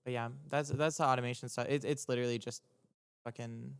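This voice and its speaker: A young man, a music producer, talking casually on a livestream as he breaks down his own track, rambling and halting with lots of ums, restarts and casual swearing. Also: mid-range voice, steady tone, smooth. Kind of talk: casual explanatory livestream talk.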